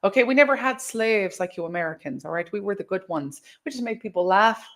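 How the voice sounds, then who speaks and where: A woman's voice: mid-range voice, animated, brisk, fairly bright tone. Woman putting on a boastful joking Irish storyteller. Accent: put-on Irish. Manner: playful, teasing, rambling.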